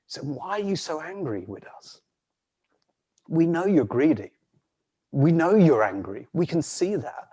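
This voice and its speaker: A man voicing a calm, wise guardian lion that steadily scolds a monster, heard over a video call. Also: a little high, measured pace, breathy edge, full character voice. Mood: calmly reproachful. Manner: steady, reproachful questioning.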